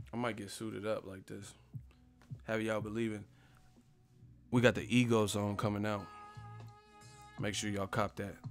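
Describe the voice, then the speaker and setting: A man's voice: lowish voice, a bit bright. Brash, profane man trash-talking on a live stream. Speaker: boxing channel host answering live chat. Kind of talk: live stream commentary, reading chat questions.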